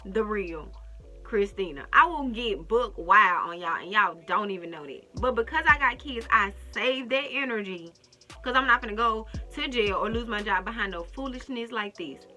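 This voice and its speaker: A woman vlogger telling a story to the camera in a casual, animated way, speaking straight to her viewers. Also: medium pitch, normal speed. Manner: animated, talks straight to viewers, acts out quotes.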